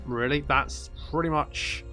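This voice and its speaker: A man's voice: fairly high pitch, a little slow, pushed and bright. A man doing casual gameplay commentary as a YouTuber, ranting, swearing and mocking himself. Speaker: gaming YouTuber. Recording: faint game music behind.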